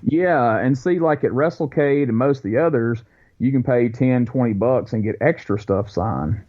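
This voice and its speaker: Guy on a podcast spinning a story, animated, kinda muffled lo-fi sound. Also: medium pitch. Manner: animated storyteller, quick bursts, acts out quotes. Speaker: podcast co-host. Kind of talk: casual storytelling chat.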